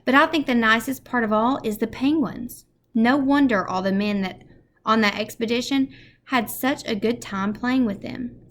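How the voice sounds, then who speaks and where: A woman's voice: on the high side, moderate pace, a bit bright, lightly acted. Storybook read-aloud: an eager, dreamy middle-aged man, read by a woman. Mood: enthusiastic. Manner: eager, enthusiastic. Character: dreamy, excitable middle-aged house painter.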